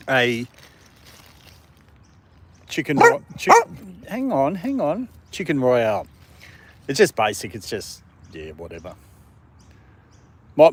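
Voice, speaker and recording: A man's voice: mid-range voice, breathy edge, dry recording. A man chatting casually on a live stream, talking to his dog and viewers and laughing often. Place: park outdoors in the evening.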